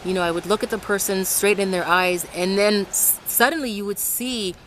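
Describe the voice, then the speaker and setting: A woman's voice: medium pitch, normal speed, low-quality recording. A woman from Ecuador vlogging casually outdoors in the rain and wind, rambling and restarting her sentences. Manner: rambling, restarts often, animated when quoting others. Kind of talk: casual talk to camera. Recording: faint outdoor traffic noise.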